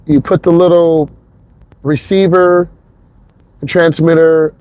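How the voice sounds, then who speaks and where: A man's voice: fairly high pitch, flat delivery, takes it slowly, a little mellow, clean tone, no echo. A man who teaches driving, chatting casually and rambling to the viewer while he drives, recorded in his car on a clip-on mic. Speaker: driving instructor. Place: inside a car on an expressway. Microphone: wireless clip-on mic into a phone.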